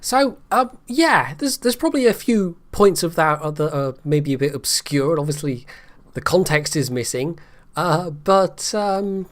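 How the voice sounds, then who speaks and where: A man's voice: fairly high pitch, expressive, unhurried. A man giving a casual, rambling book review, hesitant and full of restarts.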